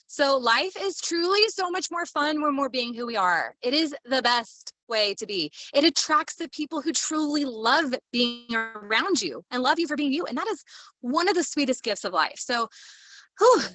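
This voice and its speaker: A woman's voice: high-pitched, animated, normal speed, sharp tone, no echo. A woman hosting a live stream as a leadership coach, talking in a bubbly, enthusiastic, playful way. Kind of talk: casual motivational live talk.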